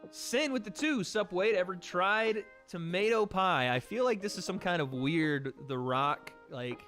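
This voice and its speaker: A man's voice: high-pitched, measured pace, fairly bright tone, faint music behind. A young man from the American South chatting casually on a livestream, reading donations and trailing off with laughs. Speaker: streamer hosting a watch party.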